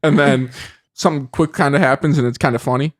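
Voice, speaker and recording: A man on a comedy podcast, improvising an absurd story in a rambling, animated way with frequent laughs. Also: mid-range voice, fast, dry recording, clean studio sound. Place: podcast studio.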